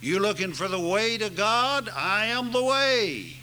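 A man's voice: high voice, sing-song, measured pace, bright, forceful tone, slight background noise, poor audio. A man preaching a sermon to a congregation, with an emphatic, swooping cadence.

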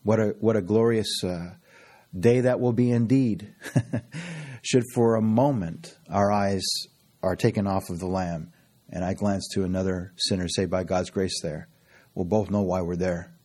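A man preaching with fervour and frequent chuckles, his voice husky and sitting a little low. He is middle-aged and leans on repetition to drive home each point of the sermon. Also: unhurried, mellow. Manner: fervent, with frequent laughs and repetition.

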